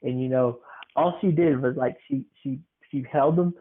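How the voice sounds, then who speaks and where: A man's voice: medium pitch, normal speed. A man hosting a podcast, telling a funny family story in a rambling way, with lots of fillers and restarts. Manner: meandering, full of fillers and restarts. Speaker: podcast host. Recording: tinny phone-like sound.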